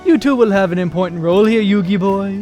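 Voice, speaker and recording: A man's voice: high-pitched, fast, a little mellow, faint music behind, natural voice. A man reading a pompous, grandiose young male artist aloud on stream, with theatrical, flowery speech.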